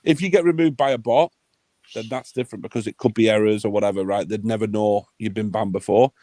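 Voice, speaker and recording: A man's voice: on the low side, fast talker, warm tone, no room sound. A man hosting a livestream, ranting in a heated, sweary, blunt way. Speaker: livestream host.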